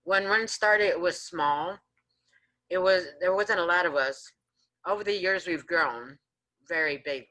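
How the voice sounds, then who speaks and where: A woman housing advocate answering interview questions on a video call, telling her stories in an animated way and acting out what people said. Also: lowish voice, unhurried, low-quality recording. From San Diego area, California. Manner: animated storyteller acting out her own quotes. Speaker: housing advocate and resident leader. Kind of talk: storytelling in a panel interview.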